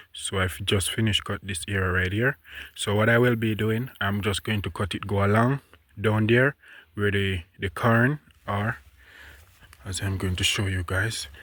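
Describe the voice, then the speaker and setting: A man talks outdoors on his hillside farm, his voice a touch stuffy. He pitches it fairly low and speaks in a relaxed, chatty way, addressing his viewers directly as he shows them around. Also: dry recording. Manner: talks to viewers as he walks and points things out. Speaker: farming vlogger. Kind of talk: casual farm vlog narration.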